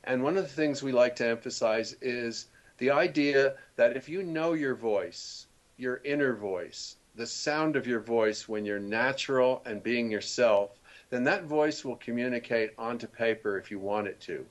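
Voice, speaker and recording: Older man, author guest, mid-pitched, anecdotal storyteller who laughs easily. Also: unhurried. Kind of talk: casual interview chat.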